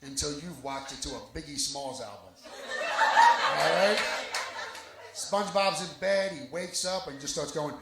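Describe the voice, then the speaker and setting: A man's voice: fairly high pitch, huge pitch swings, slow pace, gravelly, pauses often, over a noisy crowd. A man doing a live stand-up set on a lounge stage, telling raunchy, self-deprecating stories into a stage mic. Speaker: stand-up comedian. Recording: echoey lounge with background noise.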